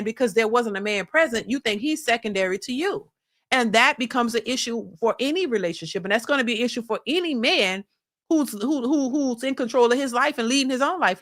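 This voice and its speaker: A woman who hosts a reaction channel gives her viewers a blunt, opinionated monologue packed with casual slang and repeated points. She is preachy and calls her audience "y'all." Her voice is fairly high and fairly bright in tone.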